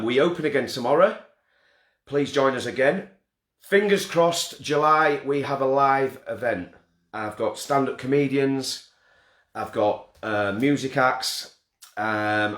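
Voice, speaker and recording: Jokey man hosting. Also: mid-range voice. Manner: jokey, self-deprecating, rambling. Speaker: festival host announcing winners. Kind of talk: casual live-stream hosting. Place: front room at home. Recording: roomy front-room echo.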